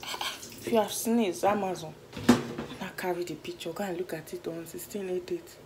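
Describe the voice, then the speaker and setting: A woman's voice: lowish voice, steady tone, moderate pace, background noise. A Nigerian woman chatting casually in a home vlog from her bedroom, full of dramatic asides and sometimes dropping to a whisper. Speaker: vlogger.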